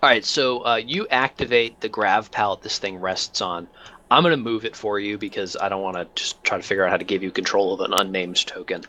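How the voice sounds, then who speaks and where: Bright-voiced man running a tabletop game. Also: on the low side. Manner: halting, lots of fillers. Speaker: game master.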